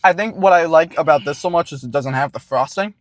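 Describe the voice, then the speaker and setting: Thoughtful man describing food, slightly high voice. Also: fast talker, no echo. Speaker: food reviewer. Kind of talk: casual food review chat.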